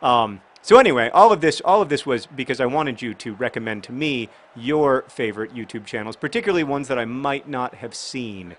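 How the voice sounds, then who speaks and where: A man giving casual commentary over a football video game, rambling and joking, with sudden bursts of excited shouting. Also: mid-range voice, brisk, hardly any pauses.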